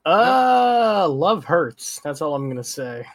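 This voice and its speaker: A man's voice: a little high, big pitch swings, slow pace, a loud crowd. A man in casual podcast chat, subdued and making short gloomy remarks. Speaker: podcast co-host.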